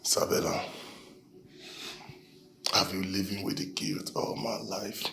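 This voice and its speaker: An actor playing a guilt-ridden husband confessing past sins in a hushed, remorseful way, with a Nigerian English accent. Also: male voice, low voice, level tone, measured pace, soft background music.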